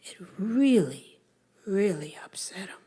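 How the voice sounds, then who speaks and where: A woman telling a story to families, animated, swinging between whispers and loud calls. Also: mid-range voice, slow, slightly rough.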